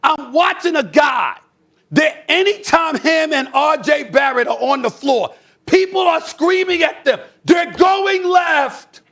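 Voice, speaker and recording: A man hosting a sports debate show, talking. His voice sits very high for a man, and he rants with real heat, breaking into shouts. The delivery is animated and emphatic throughout. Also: measured pace, vocal fry. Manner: loud, animated ranting with shouted bursts. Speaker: sports talk show host. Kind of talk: heated sports commentary.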